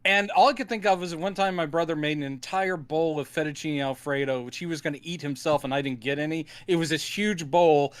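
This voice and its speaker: A man on a relaxed movie podcast with a fairly high voice. He recounts film scenes and wanders off into side stories in an easy, chatty way. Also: brisk, few pauses, clean tone, no echo. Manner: rambling storyteller, chatty asides. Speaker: podcast co-host. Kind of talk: casual movie-review chat.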